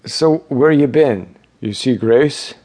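A male narrator plays a gruff, shaken man in a hospital bed. He talks bluntly and swears easily. The delivery is unhurried and in a mid-range voice. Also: medium pitch, warm tone. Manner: gruff and blunt, curses freely.

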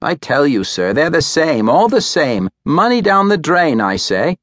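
Preachy grumbling old woman voiced by a man, raised pitch, scolding rant, storybook. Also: sing-song, a little slow, a bit bright, dry recording.

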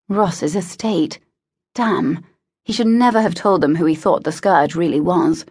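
A woman narrating a historical romance audiobook in a measured, even manner. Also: on the low side, husky, no room sound, studio quality. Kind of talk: scripted narration.

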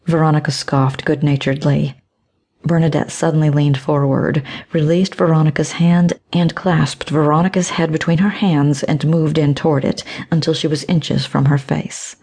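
Casting: woman audiobook narrator, measured and even, low pitch, mellow dark tone. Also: husky.

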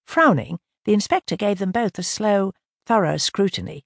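Older woman narrating, husky and gravelly. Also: mid-range voice, animated, dry recording. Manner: measured, gives characters lightly raised voices. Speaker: audiobook narrator. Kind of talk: scripted narration of a mystery novel. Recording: dry close studio audio.

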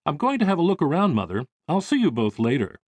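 A man's voice: a little high, big pitch swings, quick pace, dry recording, voice pushed up. A man playing an eager, curious teenage boy. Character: eager seventeen-year-old rich boy.

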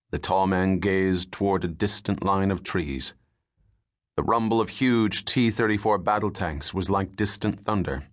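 A man narrating a thriller audiobook in a measured, steady storytelling manner. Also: low-pitched. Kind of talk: scripted narration.

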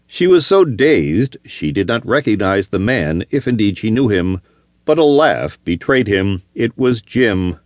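A man's voice: lowish voice, very animated, measured pace, a little mellow, no room sound. A man reading a western novel aloud as an audiobook narrator, telling the story expressively. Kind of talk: scripted narration.

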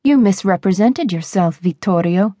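A woman's voice: mid-range voice, expressive, moderate pace, mellow, dry recording, studio quality, lightly acted. Woman voicing a defiant, clipped young heroine. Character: defiant young woman, frightened but fierce.

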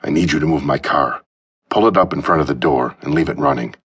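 A male narrator voicing a suspicious, armed middle-aged man who gives clipped, gruff orders. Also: very deep voice, brisk, a bit bright, recorded from a distance, exaggerated voice. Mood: menacing.

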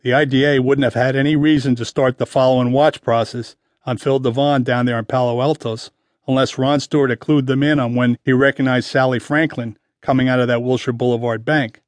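A man reading a detective novel aloud as its audiobook narrator, in measured, even scripted narration. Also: medium pitch, no echo.

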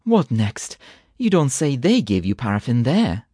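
A man voicing a stingy, scolding housekeeper woman who rails angrily and talks fast. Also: medium pitch, big pitch swings, mellow, breathy edge, no echo, studio quality. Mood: sleepy, sharp. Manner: angry, rapid, railing.

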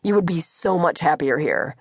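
A woman's voice: low voice, animated, normal speed, no echo. A woman voicing an adult man, a joking and dramatic twin brother who teases his sister. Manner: teasing, theatrical. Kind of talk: audiobook character voice. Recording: dry studio.

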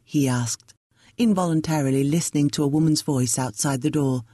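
A woman narrating a classic novel as an audiobook, reading in a measured, even way. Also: low voice, husky, no room sound, studio quality.

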